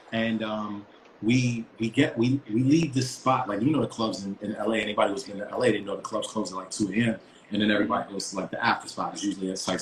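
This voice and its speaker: A man tells a story on a podcast, blunt and profane, stumbling and restarting his sentences as he goes. His voice sits in a middling register. The sound echoes around the room, with faint noise underneath. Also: mid-range voice. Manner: profane, emphatic, with many restarts. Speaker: podcast co-host. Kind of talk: casual storytelling. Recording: roomy echo.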